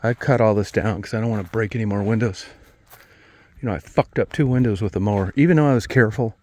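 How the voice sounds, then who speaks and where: A man's voice: fairly low pitch, fast talker, dark tone. A middle-aged man rambling in a casual vlog, swearing a lot and mocking himself in a wry, ranting way. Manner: profane, wry, self-mocking rant. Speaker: vlogger.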